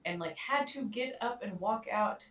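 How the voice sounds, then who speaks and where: A woman's voice: on the high side, animated, normal speed, a bit bright, distant mic, slight background noise. A woman co-hosting a podcast, telling a story in a chatty way with many fillers and quoted lines. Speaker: podcast co-host. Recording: echoey room, off-mic.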